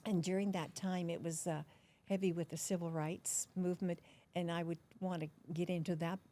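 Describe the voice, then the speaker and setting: An older woman, a guest in an interview, telling her story in a chatty, animated way. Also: on the low side, normal speed. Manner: animated, chatty storyteller who laughs between phrases.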